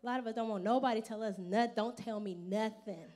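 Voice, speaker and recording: A woman pastor giving an expressive, conversational sermon at a church service. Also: on the high side, quick pace.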